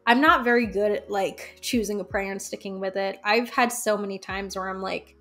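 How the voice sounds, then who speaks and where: A woman talking as a podcast guest, telling candid stories in an animated way, laughing and acting out the voices she quotes. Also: medium pitch, normal speed, soft background music. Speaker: guest, folk magic practitioner.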